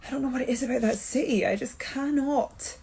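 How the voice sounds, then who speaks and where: A woman with a Scottish accent answering fan questions in a casual chat to her phone, sounding sleepy and low on energy, alone in a quarantine room. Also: a little fast, creaky, dark tone, slightly rough. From Scotland. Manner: chatty, tired, low energy. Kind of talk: casual Q&A to camera. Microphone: phone camera, self-recorded.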